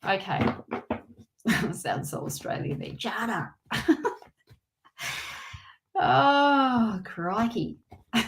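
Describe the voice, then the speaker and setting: A woman's voice: a little high, slight background noise. A middle-aged woman giving live tarot readings to viewers in a reassuring way, often repeating her phrases and restarting sentences. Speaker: tarot reader.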